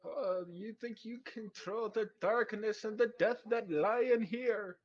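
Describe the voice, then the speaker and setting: A shrill robed creature with a child's voice, booming out slow, drawn-out threats in a tabletop game. The voice is far above normal, forced and strained as it tries to sound dark. The recording is a little dull. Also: male voice. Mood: menacing. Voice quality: high-pitched, strained to sound deep.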